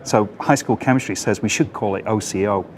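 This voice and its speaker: A man's voice: fairly low pitch, a little fast, slight background noise. A man scientist giving methodical, lecture-like explanations in an interview. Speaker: mission scientist.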